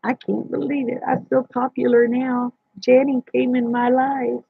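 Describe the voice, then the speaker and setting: Woman host with a drawl, husky and gravelly, folksy and teasing, live-stream chat on dull, dry audio. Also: high voice, little pitch movement, moderate pace, no echo. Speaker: livestream host. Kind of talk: casual late-night livestream chat with viewers.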